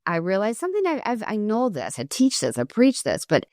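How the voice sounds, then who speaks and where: A middle-aged woman hosting a podcast, telling a family story earnestly and acting out quoted lines with a higher voice. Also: wildly swooping pitch, fairly quick, a little mellow, no room sound, studio quality. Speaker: podcast host. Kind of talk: solo podcast talk with storytelling.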